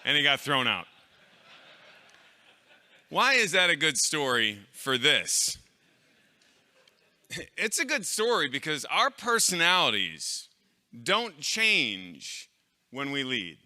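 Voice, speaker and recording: A man's voice: fairly high pitch, very animated, slow pace, pauses often, bright, forceful tone, in a large hall. A middle-aged man giving a live talk to an audience of clergy, conversational and anecdotal, with fillers and restarts. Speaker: conference speaker.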